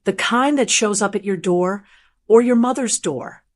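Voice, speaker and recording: A woman's voice: mid-range voice, unhurried, natural voice. A woman voicing a scheming middle-aged man who bullies his sister, mocking and pushy. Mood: menacing.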